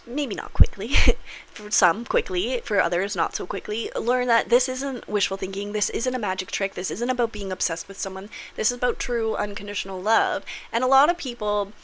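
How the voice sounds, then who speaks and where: A woman with a bright, crisp voice talks straight to camera in a loose, opinionated vlog. She is candid and swears freely. She slips into big, acted-out voices when she retells scenes. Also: medium pitch. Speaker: manifestation vlogger. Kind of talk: casual opinionated monologue.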